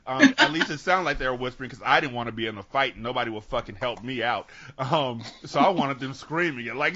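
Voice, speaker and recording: A man from Sacramento hosting a podcast, telling stories with lively acted-out quotes and casual swearing, on dull lo-fi audio. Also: medium pitch, brisk. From Sacramento, California. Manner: animated storytelling, acts out quotes, swears freely. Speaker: podcast host. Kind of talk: casual chat.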